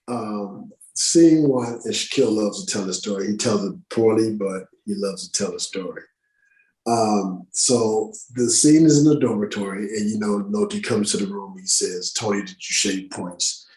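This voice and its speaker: In a podcast studio with echoey acoustics and poor audio, a middle-aged actor with a fairly low, slightly mellow voice is the guest. He tells stories casually during the interview, swearing freely and using plenty of slang.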